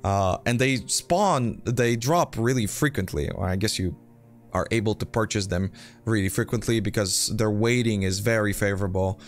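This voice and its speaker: Male streamer, low-pitched voice, casual rambling guide delivery, faint music underneath. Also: normal speed. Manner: rambling, self-deprecating, filler-heavy. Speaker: game build guide host. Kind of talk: casual gameplay guide commentary.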